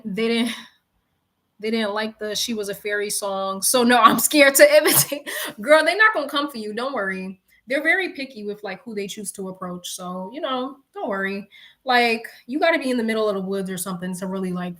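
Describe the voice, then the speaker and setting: A young woman from New York telling a slangy, animated story to her viewers in casual chat, swearing freely and talking straight to the audience. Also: medium pitch. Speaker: live-streaming storyteller.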